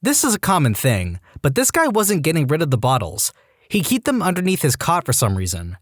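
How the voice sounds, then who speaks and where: A man narrating reddit stories in an animated, wry scripted read. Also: on the high side, a little fast, dry recording, clean studio sound. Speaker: story narrator.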